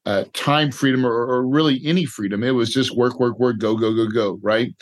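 A man's voice: mid-range voice, moderate pace. A middle-aged man, a podcast guest, telling a personal story in an emotional, repetitive way, often tagging lines with "right?" and "dude". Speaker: podcast guest, real estate investor. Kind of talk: candid storytelling interview.

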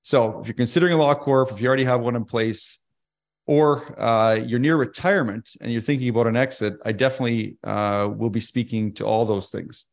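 A man's voice: medium pitch, a little fast, creaky. A man presenting a financial webinar over a video call, talking through his points and stories in a loose, conversational way. He trails off and restarts a lot, with plenty of fillers.

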